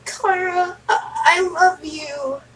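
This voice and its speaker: A woman voicing a sorrowful young male goat creature who pleads in a high, strained voice. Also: fairly even intonation, takes it slowly, fairly bright tone, slight background noise, full character voice, rough recording. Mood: tender.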